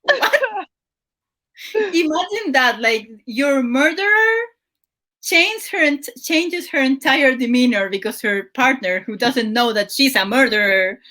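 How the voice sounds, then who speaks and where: A woman's voice: high voice, lively intonation, a little slow, pushed and bright. A woman hosting her show, casually recapping a telenovela in a chatty, exasperated way with lots of fillers. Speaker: show host.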